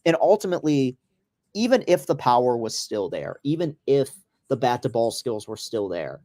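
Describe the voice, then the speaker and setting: A man's voice: mid-range voice, big pitch swings, dark tone. Rambling, swearing male sports host. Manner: rambling, profane, quick asides. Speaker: podcast host. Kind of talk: casual commentary over a live baseball game.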